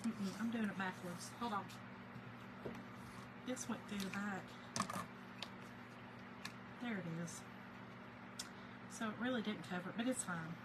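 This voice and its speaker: A woman's voice: mid-range voice, a little slow, pauses often, heavy background noise. A woman with a Southern US accent, chatting casually on a live stream as she crafts and greets viewers by name. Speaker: livestream crafter.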